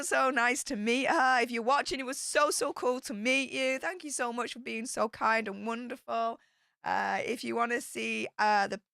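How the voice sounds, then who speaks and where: A young woman chatting excitedly on her livestream, telling travel stories in a chatty, excitable way. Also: on the high side, gravelly, no room sound, clean studio sound. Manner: chatty and excitable, with bursts of squealing. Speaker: YouTube streamer. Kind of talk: casual livestream storytelling.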